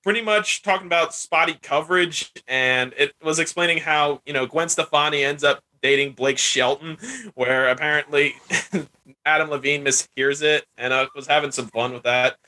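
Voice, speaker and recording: A man's voice: fairly high pitch, fairly even intonation, normal speed, sharp tone. A man hosting a casual chat show, rambling and laughing as he retells scenes. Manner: chatty, laughs while retelling scenes in put-on voices. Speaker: podcast host.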